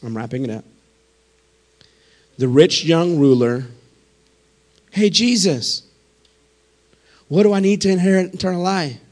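A man preaching a sermon as pastor, impassioned and building to shouts. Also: high voice, a little slow, pauses often.

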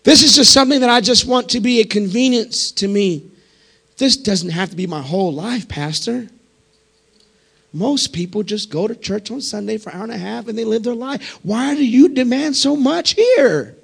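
Gravelly, high-pitched preaching man. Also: lively intonation, normal speed. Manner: impassioned, rising to shouts. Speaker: pastor. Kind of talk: sermon.

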